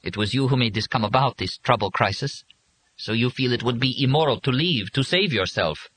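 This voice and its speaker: A brisk, scathing woman speaks in a raised, bright voice, as a man reading an audiobook puts her on. She sounds impatient and cutting in this storybook reading. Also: mid-range voice, expressive, slightly rough, dry recording, pitched above the performer's own voice, poor audio. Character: sharp-tongued woman, adult, impatient.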